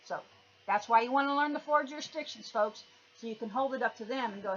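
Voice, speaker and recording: Emphatic high-voiced woman lecturing. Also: fast, fairly bright tone. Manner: emphatic, lecturing, stresses words. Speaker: commentator. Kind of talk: didactic monologue. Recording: dull lo-fi recording with faint noise.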